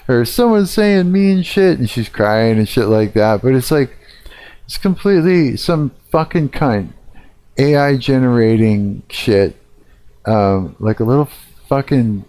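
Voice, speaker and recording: A man's voice: mid-range voice, measured pace, a little mellow, dry recording. Profane middle-aged man ranting on stream. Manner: profane, ranting, rambling with fillers. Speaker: live streamer. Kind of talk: casual live-stream rant.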